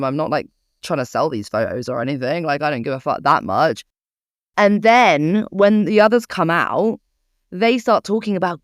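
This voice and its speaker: A young woman co-hosting a podcast, telling a story in casual chat with a British English accent, animated and swearing freely. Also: on the low side, normal speed, no echo, clean studio sound. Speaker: podcast co-host.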